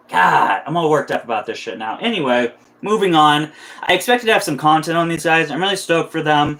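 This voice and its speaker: A man's voice: on the high side, expressive, brisk, a bit bright. Heated, swearing young man ranting. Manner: heated, profane, with many restarts. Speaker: reptile keeper live-streaming. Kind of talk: casual live-stream rant.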